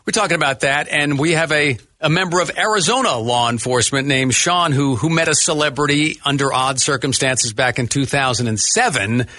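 A male radio host leading sports talk banter and briskly introducing callers. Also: mid-range voice, pushed and bright, no room sound.

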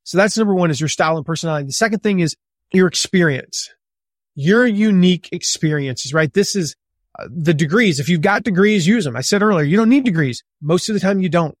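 Gregarious, slightly loud man in his forties. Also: sits high, brisk, dry recording, studio quality. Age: 40s. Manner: gregarious, a little loud, animated; conversational with many fillers. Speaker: guest author and business coach. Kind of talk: podcast interview.

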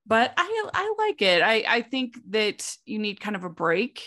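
A woman hosting a casual film discussion, chatty and quick to laugh. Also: on the high side, sing-song, a bit bright. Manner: chatty, laughs often, many restarts. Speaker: podcast host.

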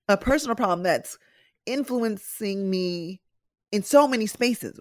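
A woman's voice: medium pitch, lively intonation, moderate pace, no room sound, clean studio sound. A middle-aged woman hosting a podcast, talking candidly and directly to her listeners in a chatty personal style. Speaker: podcast host and nurse.

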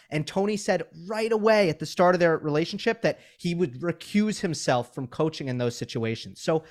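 A man co-hosting a podcast in casual sports-analysis chat, talking in a relaxed, conversational way with many fillers. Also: on the high side. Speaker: podcast co-host.

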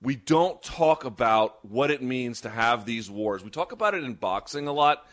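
Guy cohosting a sports talk show, quick and opinionated, middle pitch. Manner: fast, animated, opinionated. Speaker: podcast co-host. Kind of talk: casual sports chat.

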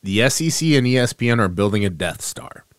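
A man co-hosting a sports podcast over a remote setup, talking casually in a joking, facetious, animated way. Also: fairly low pitch, a little fast, dry recording, clean studio sound. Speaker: podcast co-host. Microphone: remote call setup.

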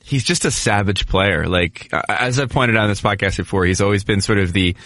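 A man co-hosting a sports podcast, talking casually and at length with lots of restarts and animated asides. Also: fairly low pitch, fairly quick. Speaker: podcast co-host, hockey writer.

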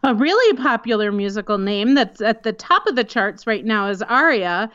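A woman's voice: on the high side, big pitch swings, normal speed, fairly bright tone, clean tone. Teasing woman co-host, slightly dull recording. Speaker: podcast co-host. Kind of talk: casual podcast chat.

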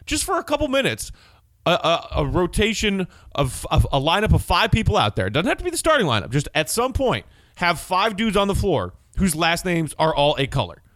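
A man hosting a solo sports podcast, chatting casually and excitably and reading listener texts aloud. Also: sits high, a little fast, no echo. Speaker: podcast host.

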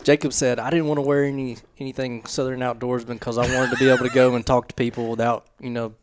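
A man co-hosting a hunting podcast, telling a story haltingly with lots of fillers. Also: medium pitch, flat delivery, a little hiss or hum. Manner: hesitant, many fillers and restarts while telling a story. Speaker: podcast co-host. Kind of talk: casual hunting podcast chat.

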